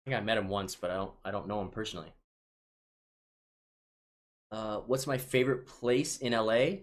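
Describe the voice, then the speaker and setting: A man's voice: fairly low pitch, fairly even intonation, moderate pace, pauses often. A man in his thirties from Chicago, casually reading viewer questions aloud on a live stream and answering them offhand, often restarting his sentences. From Chicago, United States. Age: 30s.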